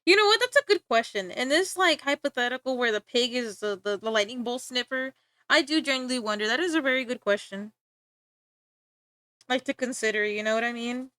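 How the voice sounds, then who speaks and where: A woman's voice: fairly high pitch, brisk, a bit bright, clear, resonant tone, no room sound. A young woman streaming live, rambling and joking in casual chat with frequent laughter.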